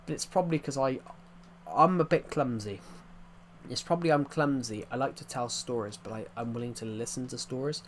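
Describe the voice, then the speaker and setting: This young Englishman, speaking with an English accent, chats casually while live-streaming a game. His medium-pitched voice is brisk, with a little hiss or hum behind it. He rambles, repeats himself, and restarts his sentences.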